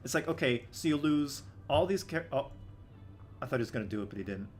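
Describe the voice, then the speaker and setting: A man's voice: mid-range voice, animated, quick pace, faint music behind. A man hosting a casual game development live stream, chatting with friends in profane, exasperated banter.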